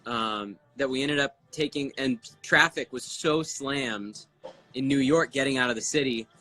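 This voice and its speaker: A man's voice: mid-range voice, measured pace, pushed and bright, soft background music, low-quality recording. A man co-hosting a casual livestream, asking the host for stories and passing on viewer requests. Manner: prompting questions, relaying viewer requests.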